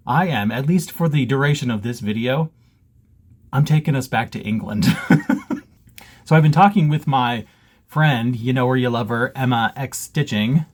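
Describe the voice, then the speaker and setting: A man's voice: medium pitch, normal speed, a little mellow. A man chatting casually to camera from his basement, joking, self-mocking and laughing often. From Canada. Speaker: cross-stitch vlogger. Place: home basement.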